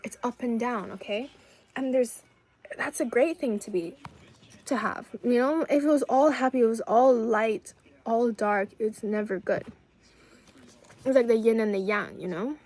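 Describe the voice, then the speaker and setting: A young woman from China hosts a relaxed live-stream chat. Her voice sits a little high, and she rambles through reassuring thoughts and viewer comments in a casual, friendly flow. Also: unhurried, rough recording. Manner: chatty, rambling, reads viewer comments aloud. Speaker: livestreamer.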